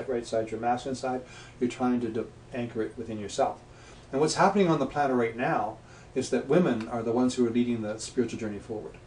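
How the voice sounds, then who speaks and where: Male talk-show guest, anecdotal storyteller, mid-pitched, heard from a distant mic. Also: darkish tone. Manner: anecdotal storyteller who acts out quoted voices. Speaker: guest, past life regression practitioner. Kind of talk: casual interview chat. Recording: echoey room, distant mic, faint noise.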